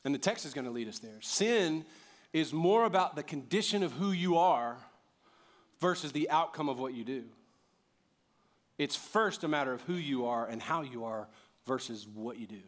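A man's voice: fairly high pitch, expressive, moderate pace. A pastor preaching a conversational sermon, asking the congregation questions and often repeating words as he goes. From United States.

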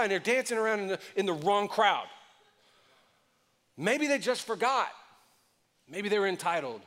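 A male pastor preaches with a slightly high voice, shifting between loud, lively lines and quiet, hushed ones. His talk is conversational and expressive, and the sound rings out with the long reverb of a big hall. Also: normal speed, pauses often. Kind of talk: sermon.

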